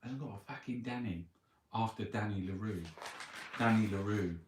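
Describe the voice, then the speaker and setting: A man's voice: lowish voice, moderate pace. A middle-aged man with a Cockney accent who rambles through a newspaper review, grumbling and swearing to himself. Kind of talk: rambling casual monologue. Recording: roomy, distant mic with background noise.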